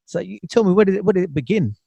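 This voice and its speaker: Mellow-voiced man hosting an interview. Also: high-pitched, lively intonation, racing, creaky, breathy edge, no echo. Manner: hesitant, encouraging, restarts questions. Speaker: podcast host. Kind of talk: casual interview.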